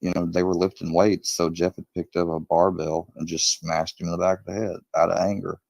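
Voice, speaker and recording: A man with a very low voice talks in a loose, rambling way, swearing freely. He jumps up into a higher, louder voice when he acts out what people said. The sound is close and dry, with no room around it. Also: level tone, a little fast, vocal fry, dry recording. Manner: profane, rambling, acts out quotes in a raised voice. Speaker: true crime storyteller. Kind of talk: casual storytelling rant.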